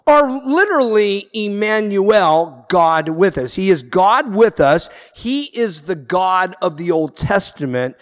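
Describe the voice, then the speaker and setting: A man's voice: high voice, expressive, slow, few pauses, big-room sound. A man preaching a sermon as pastor, emphatic, with repeated refrains. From Southern California.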